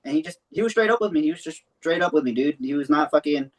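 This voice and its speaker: A man's voice: on the high side, lively intonation, fast. A young man telling a long personal story in a loose, rambling way, full of swearing and fillers. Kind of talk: casual storytelling.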